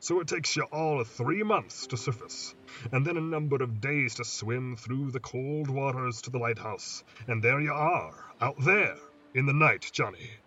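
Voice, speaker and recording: A man putting on a brooding old lighthouse keeper, slow and hushed, musing to himself over the night sea. The voice sits back from a muffled mic, with a faint hiss underneath. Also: medium pitch, far from the mic, natural voice.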